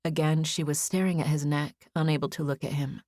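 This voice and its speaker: A woman narrating a romance audiobook in an even, measured storytelling manner on a close studio mic. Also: deep voice, no echo. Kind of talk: scripted narration.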